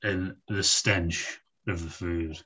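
English guy rambling about footy, lowish voice, says like a lot. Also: fairly even intonation, slow pace, a crowd in the background. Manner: rambling, filler-heavy, swears casually. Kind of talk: casual football podcast chat.

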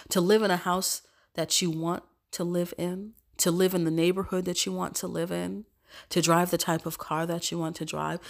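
A woman with a stuffed-up cold, hosting a podcast, speaking an earnest evening prayer and then chatting casually, repeating phrases and sometimes dropping to soft whispers. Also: fairly low pitch, creaky. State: congested from a cold. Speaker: podcast host.

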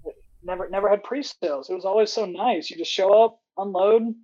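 A laid-back podcast host chats casually and laughs easily. The sound is dull and lo-fi, with a middle pitch. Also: fairly quick, dark tone. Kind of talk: casual chat.

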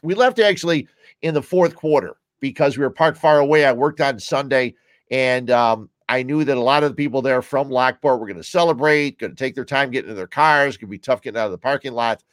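This podcast host, who has a Chicago-area American accent, chats solo and casually at home while drinking beer, rambling from subject to subject. He speaks fairly quickly in a medium pitch, on a dry, studio-quality recording.

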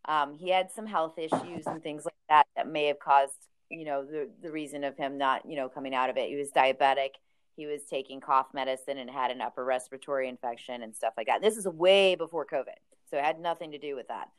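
A woman's voice: low-pitched, fairly even intonation, fairly quick. A woman who owns a record store, chatting casually as a podcast guest, laughing often and acting out quotes.

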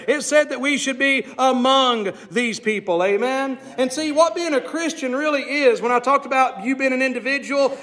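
A man's voice: extremely high pitch, a bit bright. A man preaching a sermon to a congregation, asking "Amen?" and reading scripture aloud. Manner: preaching with call-and-response "Amen?"; reads King James scripture aloud. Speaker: pastor.

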